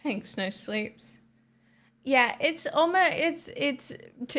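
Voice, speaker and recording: On a live stream, an Australian woman with a high, bright, animated voice talks slowly. Her casual chat with viewers rambles and is packed with "like."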